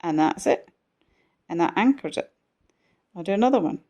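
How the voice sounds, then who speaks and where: A woman's voice: fairly low pitch, lively intonation, normal speed, mellow, dull audio. A woman giving a chatty, self-deprecating crochet tutorial while she stitches on camera.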